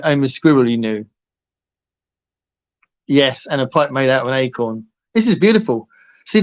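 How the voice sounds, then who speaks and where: A man hosting a livestream, chatting casually and playfully with viewers, laughing often and rambling between topics. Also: fairly high pitch. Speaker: livestream host. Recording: muffled lo-fi livestream audio.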